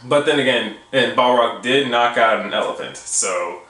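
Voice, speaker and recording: A man hosting a reaction video, stammering through casual commentary and bursting into excited exclamations. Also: medium pitch, normal speed. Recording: echoey room, mic at a distance. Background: faint music from the video.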